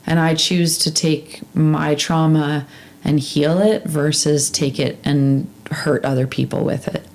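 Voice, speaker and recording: A woman with a notably low voice talks through a casual, heartfelt podcast conversation. She is earnest and halting, full of fillers and restarts. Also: steady tone, darkish tone. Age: adult with two daughters.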